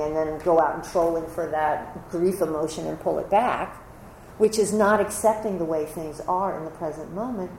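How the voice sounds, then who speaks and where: A woman's voice: fairly low pitch, animated, darkish tone. Reflective woman giving a dharma talk. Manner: reflective and conversational, with pauses and restarts. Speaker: meditation teacher. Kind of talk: Buddhist dharma talk to a live group. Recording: echoey room with faint ambient noise.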